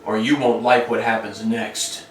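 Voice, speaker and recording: A man playing a calm, menacing cartel go-between who makes cold, polite threats. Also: on the low side, measured pace, slight background noise, close to an everyday voice. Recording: roomy sound, mic at a distance.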